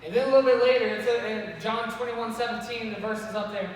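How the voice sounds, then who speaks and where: A man teaching a Bible lesson to kids, casual and lively, asking the kids questions and getting them to respond. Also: high voice, fast talker, a little hiss or hum. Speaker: children's church teacher. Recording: echoey hall, voice from far off.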